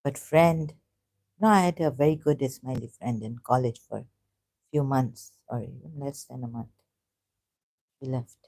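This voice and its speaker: A woman vlogging about religion to camera, hesitant and halting with many restarts, earnest and openly frustrated. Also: extremely low pitch, a little mellow. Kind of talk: unscripted talk to camera.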